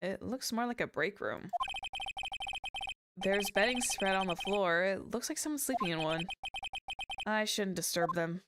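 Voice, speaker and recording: A woman's voice: mid-range voice, animated, unhurried, pauses often, noisy background. A woman streaming a game, reading its text aloud and chatting with jokey asides. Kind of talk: casual let's-play commentary. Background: game music.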